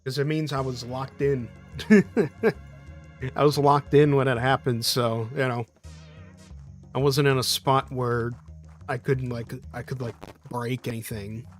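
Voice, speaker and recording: Slow, easygoing man streaming and chatting, rambling with restarts, faint music behind him. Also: mid-range voice, steady tone. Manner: rambling, loose and profane, with laughs and restarts. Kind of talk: casual live-stream chat.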